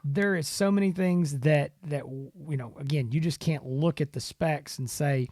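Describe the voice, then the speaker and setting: A man's voice: on the high side, moderate pace, few pauses, darkish tone, dry recording, studio quality. A man co-hosting a podcast in casual chat, rambling with plenty of fillers and restarts. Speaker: podcast co-host.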